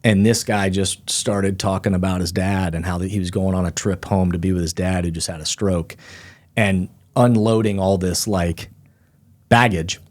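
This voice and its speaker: A man's voice: sits low, moderate pace. A middle-aged man, a guest author, telling stories in a casual interview and acting out the people in them. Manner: animated storyteller, acts out quoted people.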